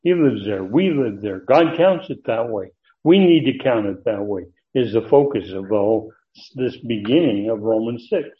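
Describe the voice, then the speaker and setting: Man, Bible teacher, mid pitch, emphatic verse-by-verse teaching, dull lo-fi sound. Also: lively intonation, normal speed. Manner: earnest, emphatic, stretches key words, reads from notes. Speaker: pastor teaching a Bible study. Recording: dull lo-fi recording.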